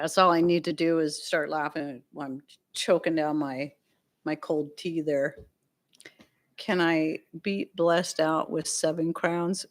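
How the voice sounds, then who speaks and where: A woman hosting a casual home livestream, chatting loosely with viewers, laughing often and wandering off into asides. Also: on the low side. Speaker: livestream host.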